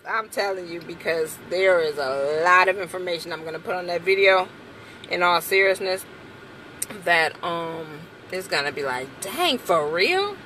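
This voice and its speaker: Young woman chatting to her viewers in her car, bright voice, talks slow, faint car noise behind. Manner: animated, playful, with high exclamations. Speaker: vlogger. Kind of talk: casual chat to viewers. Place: inside a car.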